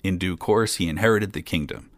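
A man reading a fairy tale aloud in a calm, steady storytelling manner. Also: sits low, brisk, no room sound.

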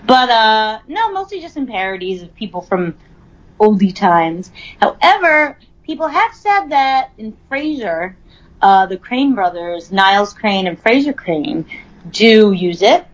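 A woman's voice: mid-range voice, sing-song, unhurried. Young woman podcast host, rambly casual chat, kinda dull lo-fi sound. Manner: chatty, lots of ums and likes. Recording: slightly dull, lo-fi audio.

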